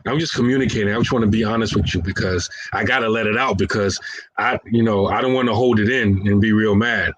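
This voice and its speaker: A man's voice: on the low side, brisk, a bit bright, breathy edge, dull audio. A man, talking casually and playfully while acting out everyday scenarios and chuckling at his own lines.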